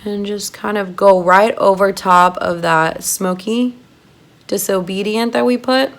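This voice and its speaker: A woman giving a chatty makeup tutorial, gushing and excitable as she talks to her viewers. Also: medium pitch, a little slow. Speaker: makeup artist doing a tutorial.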